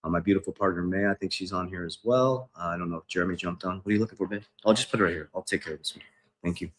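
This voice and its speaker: A man's voice: low-pitched, racing, fairly bright tone. A man as a financial coach on a livestream, emphatic and preachy, repeating his points. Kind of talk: livestream talk.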